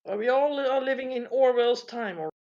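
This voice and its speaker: Higher-voiced woman on dull call audio. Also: a little fast, darkish tone. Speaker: guest on a live stream. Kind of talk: casual chat.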